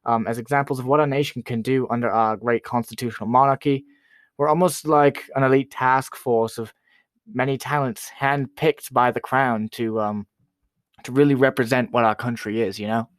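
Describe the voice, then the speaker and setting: A man's voice: mid-range voice, fairly even intonation, normal speed, no room sound, clean studio sound, natural voice. A man playing a boastful, self-important rapper who is a guest on a comedy talk show. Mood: smug. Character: boastful young male Canadian rapper, royalist.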